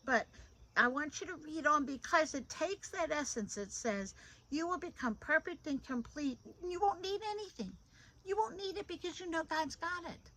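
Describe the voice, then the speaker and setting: High-voiced woman giving an animated devotional. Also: normal speed, poor audio. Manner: animated, repeats phrases for emphasis. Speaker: devotional host. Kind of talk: informal devotional talk. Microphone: phone.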